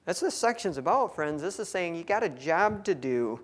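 Folksy high-voiced preacher. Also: male voice, sing-song, fairly quick. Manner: folksy, with frequent asides. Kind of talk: conversational Bible teaching.

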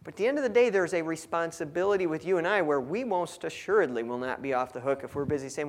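Folksy high-voiced preacher. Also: male voice, animated, fast, few pauses. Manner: folksy, with frequent asides. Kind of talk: conversational Bible teaching.

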